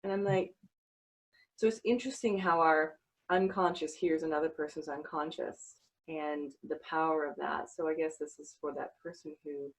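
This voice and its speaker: A woman's voice: low-pitched, slightly rough, poor audio. A woman hosting a podcast interview, talking earnestly and reflectively with many fillers. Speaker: podcast host. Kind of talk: casual interview chat.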